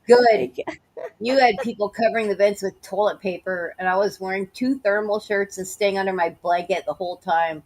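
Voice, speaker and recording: A woman's voice: mid-range voice, fairly even intonation, brisk, darkish tone. A woman with a slight Southern US accent, reading emails aloud and breaking in with blunt, mocking asides. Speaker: YouTuber reading letters aloud. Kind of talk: reading emails with sarcastic commentary.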